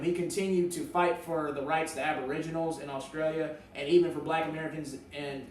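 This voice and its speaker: A man with a somewhat high voice co-hosts a casual sports talk show, telling stories with emphasis and cracking jokes. He sits back from the microphone in a roomy, echoing space with a faint hiss underneath. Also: far from the mic. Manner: storytelling, emphatic, jokey.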